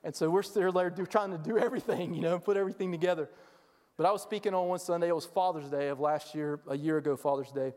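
Animated male preacher in a reverberant hall. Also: on the high side, quick pace. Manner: animated storyteller acting out quoted voices. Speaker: guest missionary speaker. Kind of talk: sermon storytelling. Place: church sanctuary.

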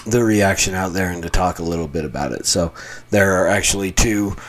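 A low-pitched man from Colorado talks on his own in a casual podcast monologue. He is a pastor recording in a small basement room, and his delivery is chatty, wry and often self-mocking. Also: brisk, a bit bright.

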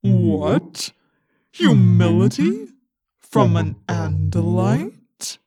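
Ancient male cosmic being voiced by a woman, very deep voice, swooping wide intonation, slow solemn speech, crowd murmur behind, audiobook. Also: wildly swooping pitch, dark tone, slightly rough, no room sound, studio quality, full character voice. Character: vast ancient male cosmic being, calm and all-knowing. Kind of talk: audiobook character voice.

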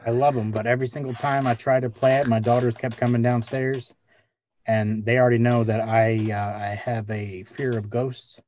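A man's voice: medium pitch, little pitch movement, moderate pace, a little mellow, slight background noise. A man in his thirties telling a self-mocking story in a casual podcast chat. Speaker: podcast panelist.

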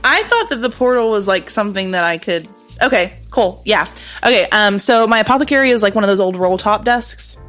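A woman's voice: mid-range voice, expressive, brisk, fairly bright tone, soft background music. A woman playing a tabletop game, describing her character's actions in a rambling way with many fillers. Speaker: player.

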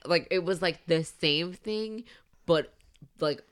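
A woman's voice: on the low side, takes it slowly. A woman co-hosting a podcast, chatting casually, laughing often and acting out quotes. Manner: animated, laughing, acts out quotes. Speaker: podcast co-host. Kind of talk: casual chat.

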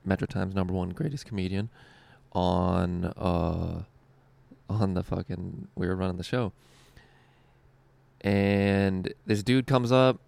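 A young stand-up comedian who also co-hosts a show tells a rambling, profane story packed with "like" and laughter. His fairly low voice is gravelly yet clear and resonant, and the recording is dry.

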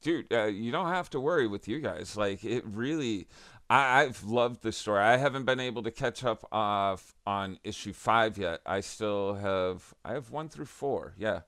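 A man hosting a casual podcast chat, enthusiastic and quick to laugh. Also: on the low side, expressive, fairly bright tone. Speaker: podcast host.

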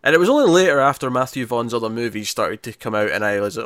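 A man's voice: medium pitch, animated, quick pace, hardly any pauses, a bit bright, dry recording, clean studio sound. A man co-hosting a casual movie-ranking chat, talking enthusiastically, laughing often and restarting his sentences. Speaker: podcast co-host ranking movies.

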